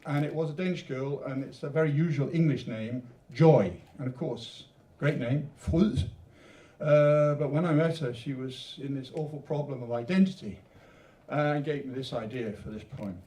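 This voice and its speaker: A man's voice: medium pitch, normal speed, dark tone. A man reading his own poems at a literature event, with rambling, joking asides between poems and a rhythmic, emphatic recitation. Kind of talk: poetry reading with chatty introductions. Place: literature event venue, indoors. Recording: echoey room recording from a distance.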